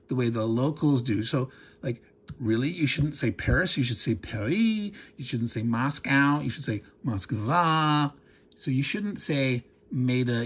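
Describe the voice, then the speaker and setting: A man hosting a board game unboxing, talking casually, wandering off into digressions and chuckling as he goes. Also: medium pitch. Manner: rambling, digressive, chuckles often.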